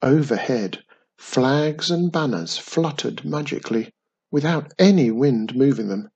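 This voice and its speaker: Slow gentle guy reading a kids story, breathy, lots of pitch movement. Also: animated, lo-fi sound. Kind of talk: children's story narration.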